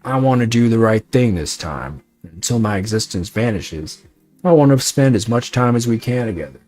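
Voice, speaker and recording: A man's voice: mid-range voice, lively intonation, moderate pace, darkish tone, soft background music, natural voice. Man reading as brooding soldier ghost. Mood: tender.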